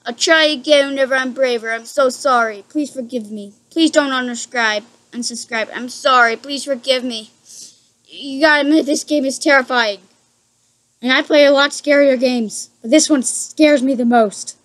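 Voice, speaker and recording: A woman's voice: sits high, moderate pace, fairly bright tone. A woman hosting a gaming channel, giving horror game commentary from a room at home; she is frightened, jumpy and keeps apologizing.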